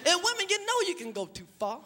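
A man doing a loud, profane stand-up routine, acting out characters and shouting punchlines on stage. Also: very high voice, huge pitch swings, fast. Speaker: stand-up comedian. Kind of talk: stand-up routine before a live audience. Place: large venue with audience. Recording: live show with loud crowd and noise. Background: roaring crowd laughter.

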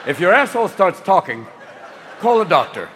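A man's voice: high voice, big pitch swings, in a large hall, noisy background. A man in his fifties performing a profane, manic stand-up comedy routine on stage. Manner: manic, profane, rapid shifts into voices. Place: stage before a live audience.

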